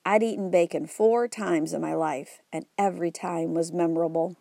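A woman reads a children's story aloud in a wry, even manner. Her voice is low and mellow, recorded close and dry. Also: moderate pace, gravelly, no echo. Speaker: narrator. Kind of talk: audiobook narration.

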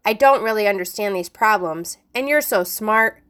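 A woman's voice: medium pitch, normal speed, a bit bright, close to an everyday voice. A woman voicing a smug male middle-school teacher who mocks a student in a theatrical, teasing way. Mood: mocking.

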